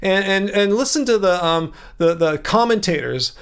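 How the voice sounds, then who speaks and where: Speaking at normal speed in a smooth voice, this laid-back SoCal man answers chat during a casual livestream from a room full of musical instruments. He's from Southern California, fills his talk with fillers, and stresses many words by leaping up in pitch amid lively swings.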